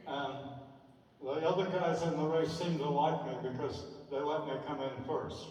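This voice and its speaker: A man's voice: on the high side, steady tone, moderate pace, noisy background. Older man reminiscing in an echoey hall. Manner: chatty, anecdotal, with dry asides. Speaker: speaker presenting a slideshow. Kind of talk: casual reminiscing talk over slides. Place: theater. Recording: echoey hall, distant from mic.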